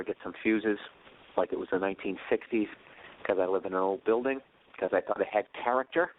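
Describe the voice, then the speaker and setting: A man's voice: mid-range voice, phone-quality sound. A man in his late thirties hosting a podcast, telling a rambling, profane, self-deprecating story. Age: 30s. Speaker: podcast host.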